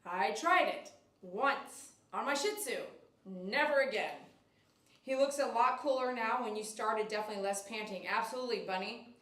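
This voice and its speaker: A slightly high, fairly bright female voice at a moderate pace belongs to a dog groomer on a casual livestream. In her grooming shop she coos baby talk to a dog and reads viewer comments out loud. The recording has an echoey room and a distant mic.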